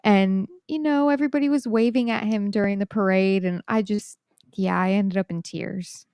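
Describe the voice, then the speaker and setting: A woman's voice: medium pitch, steady tone, normal speed, darkish tone, clean tone, no room sound, studio quality. A woman co-hosting a podcast, chatty and gushing, who sometimes searches for her words. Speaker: podcast co-host. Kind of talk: casual podcast chat.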